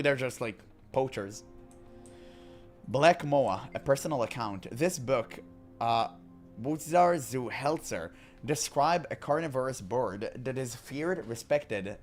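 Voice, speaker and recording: Man reading game lore aloud, joking. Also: medium pitch. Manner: reads in-game books aloud with joking asides and laughs. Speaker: gaming commentator.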